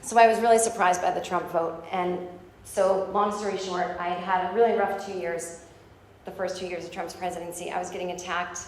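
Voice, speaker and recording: A woman stand-up comedian doing animated, profane storytelling in a live club. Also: fairly low pitch, a little fast. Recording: echoey club room, faint noise.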